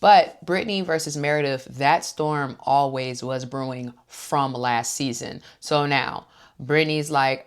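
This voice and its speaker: Low-voiced chatty woman recapping reality TV. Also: normal speed. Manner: chatty and opinionated, acts out quotes. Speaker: host.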